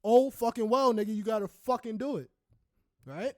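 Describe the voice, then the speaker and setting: A man's voice: sits high, moderate pace, darkish tone, no room sound, clean studio sound. A young man co-hosting a podcast, ranting heatedly and profanely with many restarts in casual talk. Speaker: podcast co-host.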